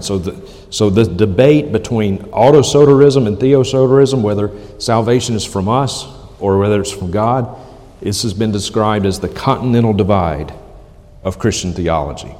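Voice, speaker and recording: Lowish-voiced pastor guy preaching, leans hard on repeats, echoey hall. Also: a little mellow. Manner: emphatic, repeats key phrases slowly. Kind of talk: sermon.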